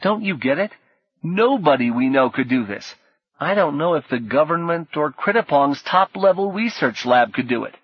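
A man's voice: a little high, expressive, moderate pace, husky, no echo, dull audio, pitched above the performer's own voice. Man doing an urgent, upset teenage gamer. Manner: urgent, insistent.

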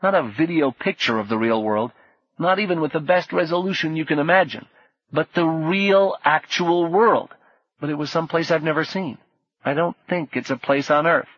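A man's voice: on the high side, moderate pace, dry recording, muffled recording, voice pushed up, close to an everyday voice. A man voicing an upset teenage boy who speaks urgently and insistently.

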